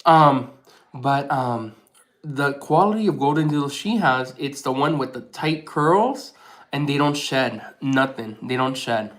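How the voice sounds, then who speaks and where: A man vlogging casually to camera, rambling with many restarts and fillers, softly sentimental in tone. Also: medium pitch, unhurried, rough recording.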